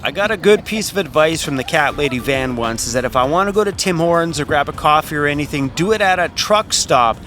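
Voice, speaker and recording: A man's voice: fairly high pitch, animated, fairly quick, few pauses, bright, forceful tone, a little hiss or hum. A man giving casual, offhand voice-over narration as a travel vlogger. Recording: voice-over with music behind.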